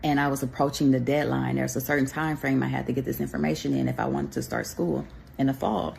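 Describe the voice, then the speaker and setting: A woman with a very gravelly voice, low for her sex, talking to camera. She shares a personal faith testimony in a loose, rambling, chatty way and drops in pious asides. Faint noise sits under her voice. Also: flat delivery, fast talker, darkish tone. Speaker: vlogger sharing a faith testimony.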